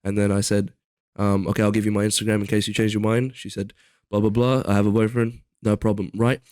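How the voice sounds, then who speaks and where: A man's voice: fairly low pitch, level tone, brisk, darkish tone. A young man talks casually on a podcast, rambling and restarting his sentences. The sound is dry, with little room echo. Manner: rambling, lots of fillers and restarts. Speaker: podcast co-host. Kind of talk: casual chat.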